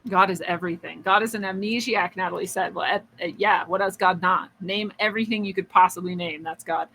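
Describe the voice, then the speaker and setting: Bright-voiced woman telling a spiritual story. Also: on the low side, fairly even intonation, brisk, creaky, a little hiss or hum, poor audio. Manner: musing, chatty, laughs often, many likes and restarts; acts out quoted voices. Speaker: podcast host.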